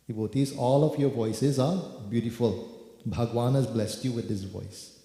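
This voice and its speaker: In a temple hall, a preacher leading kirtan gives a sermon, calling his listeners devotees and repeating words for emphasis. His voice is medium-pitched, steady, and warm, at a moderate pace. The recording has hall echo and music.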